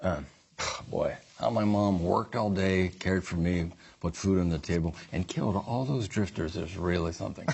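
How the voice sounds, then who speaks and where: A man's voice: low-pitched, moderate pace, gravelly, a little mellow, slight background noise. A male talk show guest reading jokes aloud with a dry delivery.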